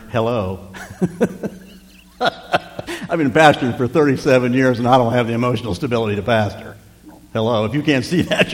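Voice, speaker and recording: An older man preaching a sermon as pastor, moving between loud exhortation and hushed, near-whispered lines. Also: medium pitch. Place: church sanctuary. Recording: long church reverb.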